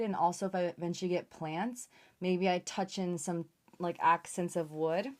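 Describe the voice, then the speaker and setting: A woman's voice: on the low side, darkish tone. A young woman hosting a live unboxing stream, chatting casually, gushing and swearing freely. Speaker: livestream host.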